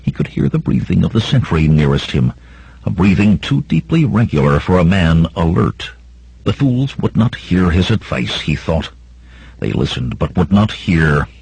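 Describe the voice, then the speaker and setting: A man's voice: a bass voice, gravelly, darkish tone, breathy edge, no echo. A man reading a sword-and-sorcery audiobook as dramatic narration, raising his voice for the battle cries. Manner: acts out battle cries in a raised voice.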